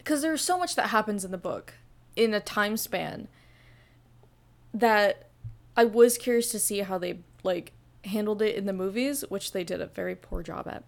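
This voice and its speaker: A woman's voice: mid-range voice, normal speed, gravelly. A young woman guest on a casual book podcast, rambling and blunt, with constant "like" fillers. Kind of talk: casual book review chat.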